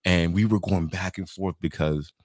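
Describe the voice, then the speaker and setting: A man's voice: low-pitched, steady tone, no echo. A man from Nigeria co-hosting a casual podcast chat, joking and laughing as he tells stories. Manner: joking, quick to laugh, playful storyteller. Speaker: podcast co-host.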